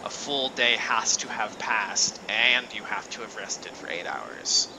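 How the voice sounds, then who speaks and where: A man's voice: lowish voice, animated, a little slow, creaky, noisy background. A man running a tabletop game as game master over voice chat, explaining rules step by step with fillers. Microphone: online voice call.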